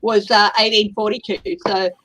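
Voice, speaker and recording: A woman's voice: mid-range voice, little pitch movement, normal speed, a bit bright, a little hiss or hum, low-quality recording. A woman from Australia with an Australian accent, hosting a casual tarot livestream over a video call, chatty and laughing often. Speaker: tarot channel host.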